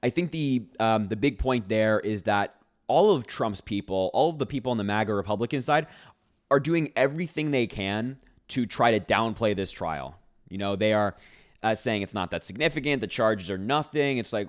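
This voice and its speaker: A man's voice: lowish voice, animated, normal speed. A young man in his twenties giving casual, emphatic political commentary to his viewers, with many fillers and repeats.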